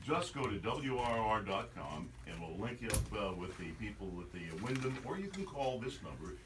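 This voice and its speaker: Joking radio host, lively low voice. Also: male voice, normal speed, far from the mic, noisy background. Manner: joking, reads promos. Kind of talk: morning radio banter.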